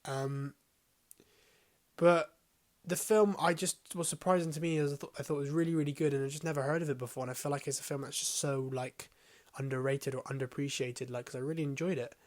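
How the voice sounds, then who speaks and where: A man's voice: on the high side, steady tone, fairly quick, darkish tone. A man gives a casual, rambling film review, full of hesitations and casual swearing.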